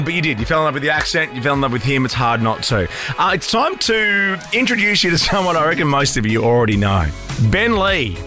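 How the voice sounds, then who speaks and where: A man opening an episode of his interview show, bantering easily through his scripted lead-in. Guitar music plays clearly beneath his voice the whole way. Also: medium pitch. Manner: chatty, jokey. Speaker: podcast host. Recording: music bed underneath. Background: music playing.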